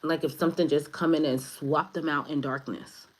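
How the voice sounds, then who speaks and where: A woman with a low-pitched voice gives a casual spiritual reading to her audience. She rambles from thought to thought, swearing offhandedly and laughing at her own humor. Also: fairly even intonation, normal speed, low-quality recording. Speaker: spiritual advisor, tarot reader.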